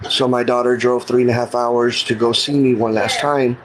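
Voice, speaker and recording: A man's voice: mid-range voice, level tone, normal speed, slight background noise, rough recording. A middle-aged man telling a personal story in a casual, earnest, plain-spoken way, often retelling what people said to him. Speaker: guest telling his story.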